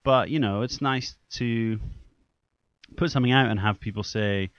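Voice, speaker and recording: A man's voice: lowish voice, moderate pace, smooth, dry recording. A young man hosting his own podcast, rambling casually and poking fun at himself, swearing now and then. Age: young adult. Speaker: podcast host. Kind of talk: casual solo podcast chat. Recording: dull lo-fi dry recording.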